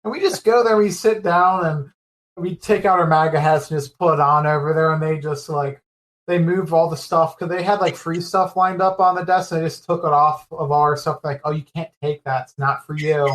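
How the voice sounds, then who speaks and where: Slightly high-voiced young man, hesitant. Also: steady tone, normal speed, fairly bright tone, rough recording. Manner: hesitant, filler-heavy explaining. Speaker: podcast co-host. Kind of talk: casual chat.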